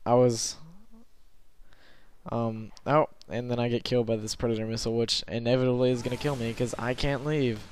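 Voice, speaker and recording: A young man giving rambling, self-conscious gameplay commentary from his bed late at night, filling pauses with lots of ums. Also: mid-range voice, level tone, a little mellow, slight background noise.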